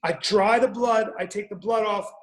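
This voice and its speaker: Man, high voice, podcast storyteller, profane, rambling, roomy echo. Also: fairly even intonation, normal speed. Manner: profane, rambling, with frequent restarts. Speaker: podcast guest or co-host. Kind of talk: animated comic storytelling.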